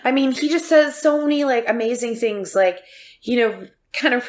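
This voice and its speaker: A woman's voice: on the high side, lively intonation, normal speed. A young adult woman co-hosting a podcast in casual chat, giggly and acting out quotes in playful voices. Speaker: podcast co-host.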